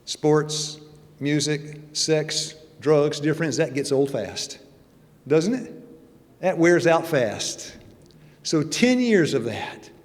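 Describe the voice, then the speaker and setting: A man in his sixties preaches in a folksy, joking, conversational way, his voice sitting a little higher than most men's. The sound carries a long reverb from a church sanctuary. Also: animated, drawn-out words. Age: 60s. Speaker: church elder and guest speaker. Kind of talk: sermon with personal testimony.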